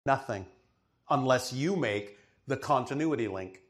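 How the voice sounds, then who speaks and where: A man's voice: mid-range voice, expressive, a little slow. A man giving a channeled spiritual teaching to a questioner, with an emphatic, didactic delivery and frequent checks that he is understood. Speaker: spiritual speaker answering a questioner.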